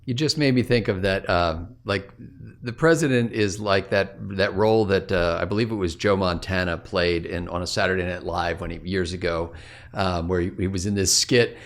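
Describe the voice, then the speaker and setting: Wry rambling man, mid pitch. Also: moderate pace. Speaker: co-host. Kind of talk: casual planning meeting chat.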